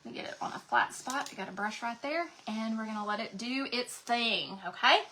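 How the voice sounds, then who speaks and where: A woman hosts a craft livestream, chatting casually and gushing to her viewers while a sinus infection makes her voice crack. Her voice is on the high side, fairly quick, pushed and bright, and the low-quality recording has slight background noise.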